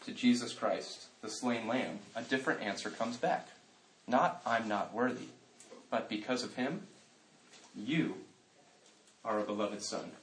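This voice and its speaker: A man's voice: mid-range voice, a little hiss or hum. Man speaking in a roomy hall. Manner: humorous, shifting into quiet earnest reflection. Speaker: speaker giving a Christian talk. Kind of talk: conversational talk to a live audience. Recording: roomy sound from a distant mic.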